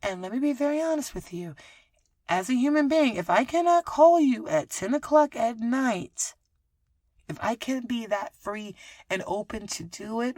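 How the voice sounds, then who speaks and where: A woman in her thirties hosting a podcast, telling a personal story in a frank, expressive way, with swearing and laughter. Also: medium pitch, normal speed, dry recording. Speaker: podcast host. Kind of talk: candid storytelling monologue.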